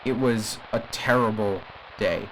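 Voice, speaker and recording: In an audio drama, a man voices an agitated, indignant radio caller defending a cursed family, speaking emphatically and rambling with frequent restarts. His voice is lowish and fairly bright, and he speaks a little slowly. The recording is rough, with a little hiss or hum.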